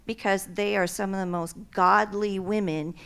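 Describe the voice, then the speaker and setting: A woman's voice: medium pitch, fairly even intonation, normal speed, fairly bright tone, smooth. A woman in a church audience asks a question, hesitant and full of fillers. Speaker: audience member asking a question. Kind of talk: question from the floor. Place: church hall.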